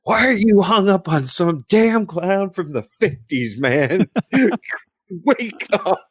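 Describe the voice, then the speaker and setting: A man voicing an angry grown man in a clown suit, yelling in exasperation. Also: high-pitched, lively intonation, slow pace, slightly rough, dry recording, pitched above the performer's own voice, exaggerated voice. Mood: fed up.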